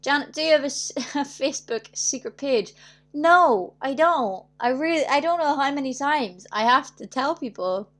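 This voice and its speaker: A young woman with a slightly high voice talks casually to her livestream viewers. She tells stories in a chatty way, acts out the voices of the people in them and laughs often. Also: expressive, moderate pace, fairly bright tone. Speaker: singer hosting her weekly livestream.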